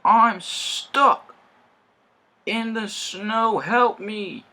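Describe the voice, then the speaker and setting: A man's voice: high-pitched, drawn-out words, bright, forceful tone, pitched above the performer's own voice, full character voice. A man voicing a cautious, fussy old male steam engine in a fan-made story. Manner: cautious, scolding.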